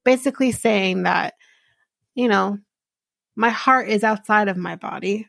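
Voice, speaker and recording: A woman hosting a podcast, casually recapping a reality show episode with many fillers and quick asides. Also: medium pitch, gravelly, fairly bright tone, dry recording, clean studio sound.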